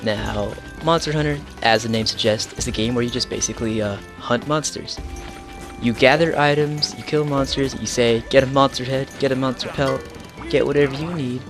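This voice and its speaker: Young man, casual gameplay host, rambling and jokey, mid-pitched, game music playing behind. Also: steady tone, moderate pace. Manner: rambling, filler-heavy, jokey. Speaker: gaming channel host.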